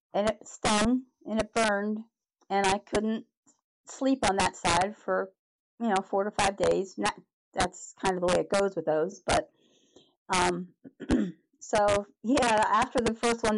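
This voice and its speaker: A middle-aged woman, a podcast guest, telling a personal story in an animated way, with halting restarts and acted-out reactions. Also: medium pitch. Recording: noticeable background noise.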